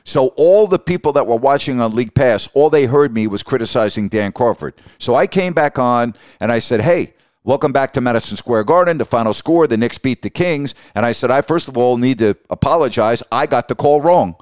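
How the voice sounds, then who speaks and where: Older man, smooth clear voice, dry close sound, animated storyteller. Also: medium pitch, fairly quick, no room sound. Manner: animated storyteller, acts out quoted dialogue. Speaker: basketball announcer. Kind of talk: storytelling interview answer.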